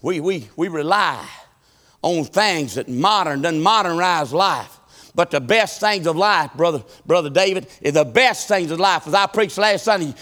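High-voiced preacher in his fifties. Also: lively intonation, moderate pace. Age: 50s. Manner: rhythmic preaching, swinging from shouted appeals to low folksy asides. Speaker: pastor. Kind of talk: sermon. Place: church.

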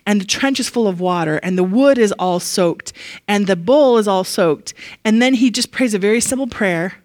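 A woman giving a casual, animated Bible lesson. She is chatty, laughs often and leans on fillers. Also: mid-range voice, normal speed, no room sound, studio quality. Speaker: Bible teacher.

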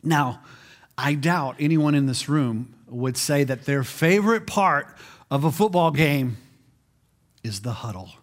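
Guy in his 40s preaching a sermon, kinda high voice, chatty, repeats words a lot. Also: expressive, measured pace. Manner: conversational preaching, repeats words when restarting. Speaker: pastor.

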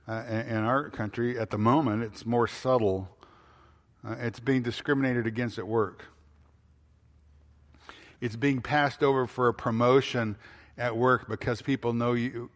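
Medium-pitched and trailed by a long reverb, this male pastor's sermon is full of questions he asks the congregation and then answers himself. He repeats phrases for emphasis and leans on frequent fillers.

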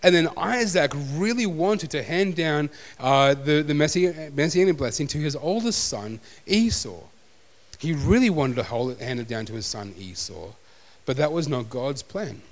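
A man's voice: a little high, animated, normal speed. A man preaching a sermon as pastor, conversational and self-deprecating. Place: church hall. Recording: long hall reverb.

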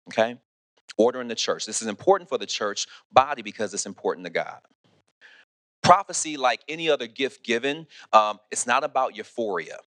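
Male pastor preaching, animated delivery, bright tone, dry close sound. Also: mid-range voice, no room sound. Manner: animated, repeats words, asks "okay?" often. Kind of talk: sermon.

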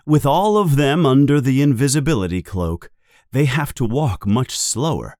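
A man narrating a children's story in a slow, deliberate, expressive way. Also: mid-range voice, dry recording, studio quality. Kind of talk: storybook reading.

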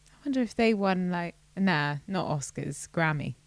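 A woman's voice: lowish voice, lively intonation, normal speed, no room sound. A woman co-hosting a podcast in casual chat, laid-back, joking and swearing. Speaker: podcast co-host.

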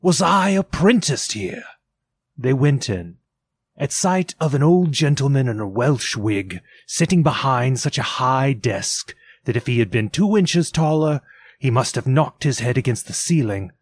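A man narrates a classic tale in a theatrical, expressive reading voice. His pitch moves in a lively, animated way. The recording is dry and close, with no room sound. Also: unhurried, no echo. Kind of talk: dramatic audiobook reading.

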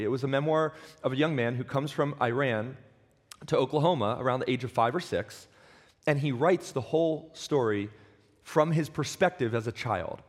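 Man preaching in a reverberant hall. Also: mid-range voice. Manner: earnest, slow and emphatic with stumbling restarts. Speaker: pastor. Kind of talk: sermon.

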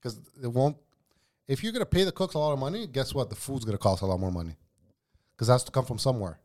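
This man is a former cook who tells animated stories on a podcast. He swears freely and drops "bro" into his sentences. His pitch sits at an ordinary middle level for a man. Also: fast talker. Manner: profane, slangy, says "bro" often; animated anecdote-teller. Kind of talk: casual storytelling chat.

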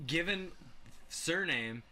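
A man co-hosting a casual podcast chat, halting and restarting his sentences as he explains. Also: fairly high pitch, lively intonation, bright, forceful tone, poor audio. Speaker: podcast co-host.

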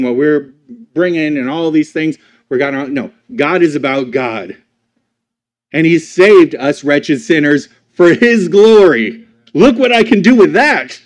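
A man pastor giving a sermon, asking the congregation rhetorical questions and swinging from loud emphatic lines to quiet, slow ones. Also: on the high side.

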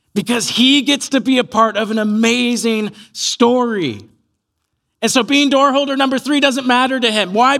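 A man preaching a sermon as pastor, earnest and animated, acting out quoted voices as he tells a story. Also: very high voice.

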